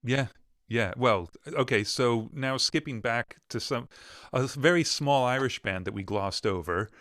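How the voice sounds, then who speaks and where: A man hosting a casual interview, relaxed and quick to laugh. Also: mid-range voice, no room sound, clean studio sound. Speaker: interview host.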